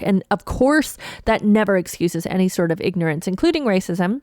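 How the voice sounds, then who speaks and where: A woman from Toronto, a comedian telling a story on her podcast in an animated, indignant and profane way. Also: mid-range voice, normal speed, few pauses, no room sound, studio quality. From Toronto, Canada. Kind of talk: storytelling monologue.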